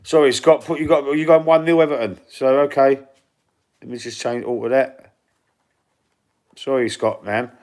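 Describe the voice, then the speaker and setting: A man's voice: medium pitch, fairly even intonation, normal speed, long pauses, darkish tone. A middle-aged man with a London Cockney accent, casually chatting through football predictions on a livestream and reading viewer comments aloud. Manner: chatty, reads out viewer comments and predictions, stumbles and repeats words. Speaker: football channel host reading live chat.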